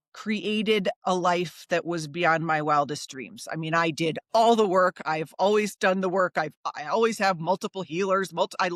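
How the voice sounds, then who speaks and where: A middle-aged woman speaks as a psychologist guest, candid and emphatic as she recounts her own experience. Her voice sits on the low side for a woman. The recording is dry and close, with no room echo. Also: a bit bright. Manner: frank, emphatic personal storytelling. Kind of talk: candid interview conversation.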